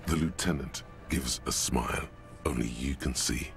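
An actor voicing a dry, knowing male narrator in a game, slow and measured, with a deep gravelly voice. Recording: game audio with music behind. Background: music.

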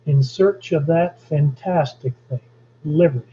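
A man giving a history lecture, speaking deliberately with pauses and the odd filler. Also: on the high side, muffled recording, a little hiss or hum.

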